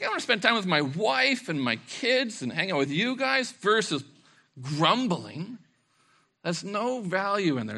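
A middle-aged pastor preaches a sermon, telling stories in an animated way, acting out voices and laughing along the way. His pitch is fairly high.

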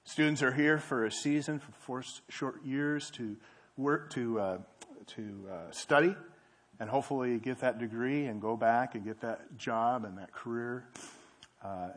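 A man's voice: medium pitch, unhurried. Earnest man giving a church talk. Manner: earnest, with frequent fillers and restarts. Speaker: campus ministry speaker.

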